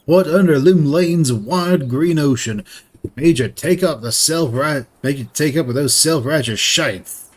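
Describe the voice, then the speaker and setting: A man playing a gruff, sneering old pirate father. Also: a little high, unhurried. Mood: bitter. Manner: coarse, sneering, swears.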